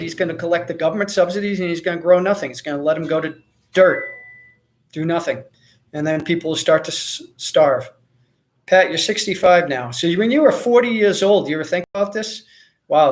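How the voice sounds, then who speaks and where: An American man hosting a casual livestream, reading viewer comments and chatting in a rambling way with lots of fillers and restarts. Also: fairly high pitch. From United States. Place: Mexico.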